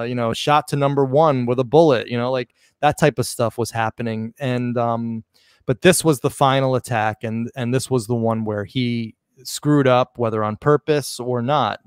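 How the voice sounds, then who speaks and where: A man's voice: medium pitch, no echo. A man hosting a loose, live-streamed conversation in a mid-range voice. He rambles and keeps restarting his sentences. His voice sounds close and dry, with no room around it. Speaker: host. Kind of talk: casual live-streamed chat.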